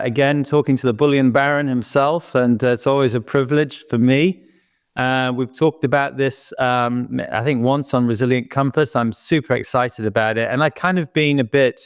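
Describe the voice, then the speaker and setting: A man's voice: medium pitch, clear, resonant tone, dry recording. British male guest expert, eager explainer, dry close mic. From United Kingdom. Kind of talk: interview conversation.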